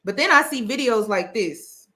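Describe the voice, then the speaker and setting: A woman hosts a casual talk show and speaks directly to her audience. Her voice is bright and sharp, and she drives her points home by repeating them. Her delivery stays emphatic and conversational. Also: fairly high pitch, lively intonation, moderate pace. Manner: emphatic, repeats key phrases. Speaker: host. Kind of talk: casual commentary to camera.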